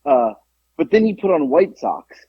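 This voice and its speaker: A man's voice: on the high side, very animated, normal speed, slightly rough, no echo. A middle-aged man co-hosting a podcast, telling a funny story in casual chat, swearing and laughing often. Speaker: podcast co-host. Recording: dry, dull lo-fi sound.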